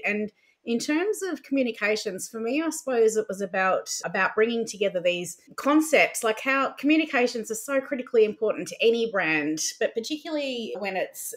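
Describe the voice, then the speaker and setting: A woman guest on a podcast, a writer who answers in a chatty, storytelling way with asides. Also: medium pitch. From Australia. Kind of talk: conversational interview answers.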